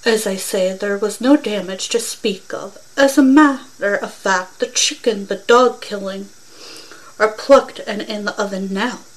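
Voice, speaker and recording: A woman reading the part of a blunt neighbor woman who talks in a brisk, matter-of-fact way. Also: medium pitch, lightly acted, low-quality recording. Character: blunt country woman neighbor, middle-aged.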